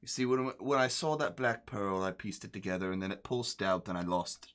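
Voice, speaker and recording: A man's voice: low voice, a little fast, fairly bright tone. A man voicing a roguish, shameless male sea captain with a put-on British-tinged accent and sly muttered asides. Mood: explaining.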